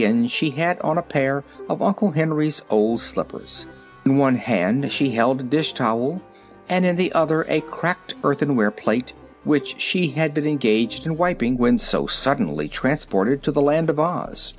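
An expressive storybook narrator with a lively, wide-ranging pitch. The voice sits mid-range and faint music plays behind. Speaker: audiobook reader.

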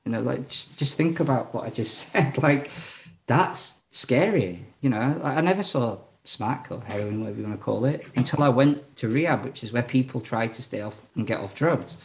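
Guy with a gravelly voice telling his story straight, lots of "like" and swearing, laughs a lot. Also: mid-range voice, moderate pace. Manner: frank, swears, many fillers, laughs often. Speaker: podcast guest. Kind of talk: candid personal storytelling.

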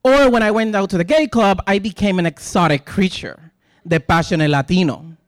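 A man's voice: high voice, moderate pace, no room sound, studio quality. A man in his thirties with a Puerto Rican accent, a native Spanish speaker, preaching an impassioned sermon to a congregation with earnest, emphatic rhetorical questions. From Puerto Rico. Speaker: lay preacher addressing a congregation.

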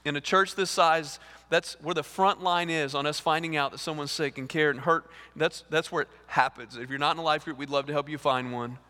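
A male lead pastor, preaching a sermon in an animated way, repeating words and acting out dialogue. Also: a little high, a little fast, few pauses. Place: church sanctuary. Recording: reverberant church hall.

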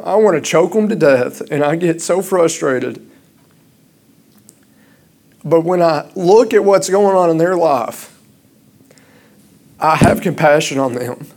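Preaching man, halting then impassioned. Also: on the high side, darkish tone. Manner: rambling and halting at first, then rising and impassioned. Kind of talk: sermon.

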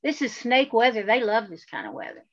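Outspoken appalachian lady co-host, kinda high voice, wry, dull lo-fi audio. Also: sing-song, fairly quick, a bit bright, dry recording. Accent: Southern Appalachian. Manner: outspoken, wry, switches to a careful presenter voice. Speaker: podcast co-host. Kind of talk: casual chat. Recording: dull lo-fi sound.

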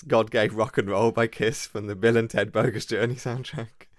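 A man, chatting casually and telling rambling, animated stories as a podcast co-host. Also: fairly low pitch, moderate pace, no echo, studio quality. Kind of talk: casual chat.

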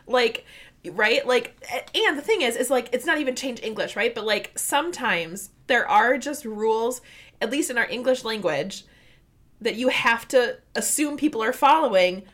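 A woman co-hosting a casual chat, talking in an emphatic, animated, ranting way. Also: a little high, normal speed.

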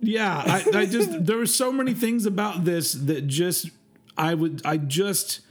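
A man co-hosting a music podcast, ranting in an animated, exasperated way about songs he dislikes. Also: sits high, a little slow. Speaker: podcast co-host. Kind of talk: casual music review chat.

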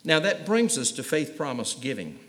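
A man's voice: on the high side, very animated, normal speed, a bit bright. A man preaching a sermon to his congregation in a church, emphatic and speaking to them directly. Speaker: pastor. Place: church sanctuary. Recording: long reverb of a large hall.

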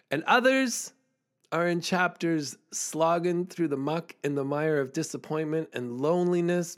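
A man hosting a podcast, telling stories in an earnest, chatty way, laughing often and restarting phrases. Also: on the high side. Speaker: podcast host and school songwriting performer. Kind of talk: storytelling monologue.

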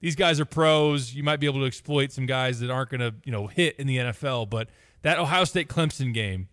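A man's voice: medium pitch, fairly quick, fairly bright tone, dry recording. A man co-hosting a sports radio show, talking football in long analytical runs and making dry jokes. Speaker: radio co-host. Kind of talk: casual sports radio chat.

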